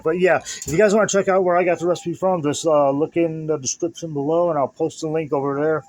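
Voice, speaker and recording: A man's voice: on the high side, a little fast, a little mellow, low-quality recording. A man hosting a casual home cooking vlog, rambling and joking at himself as he talks through the recipe. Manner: rambling, self-deprecating, chatty asides. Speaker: channel host.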